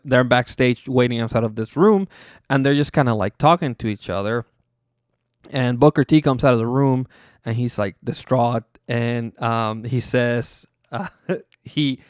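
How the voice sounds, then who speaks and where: A man's voice: medium pitch, smooth, dry recording, studio quality. A man hosting a podcast, recapping casually in a rambling, profane way, full of fillers and chuckles. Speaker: podcast host.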